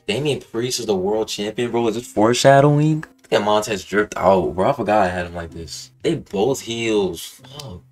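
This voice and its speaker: A young man with a fairly low voice rambles through a wrestling game, swearing freely and tacking "bro" onto nearly every line. His casual commentary swings from laid-back muttering to excited outbursts, with faint music playing underneath. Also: normal speed, hardly any pauses. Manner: excitable, profane, rambling, says "bro" constantly. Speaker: gaming channel host.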